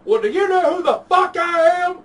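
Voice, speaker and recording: Man playing a loud, belligerent old man in his sixties spoiling for a fight, high and strained, heard on a distant, noisy mic. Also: lively intonation, fairly quick. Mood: menacing. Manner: belligerent, shouting. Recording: distant mic with background noise.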